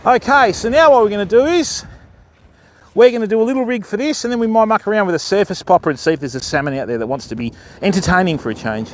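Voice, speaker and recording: A man with an Australian accent hosts a live beach-fishing stream outdoors, chatting to viewers and explaining his rigs in casual commentary. His voice is high, with lively intonation, and he talks fast.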